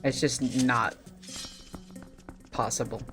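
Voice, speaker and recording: A man streaming a video game, chatting casually and hesitantly with many pauses and fillers. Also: medium pitch, steady tone, sharp tone. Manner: rambling, hesitant, lots of ums. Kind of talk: casual gameplay commentary. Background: game music.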